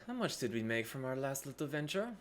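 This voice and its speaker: A man voicing a calm, curious woman pirate leader who probes and bargains. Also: mid-range voice, fairly quick, a little hiss or hum, pitched above the performer's own voice, lightly acted. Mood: probing.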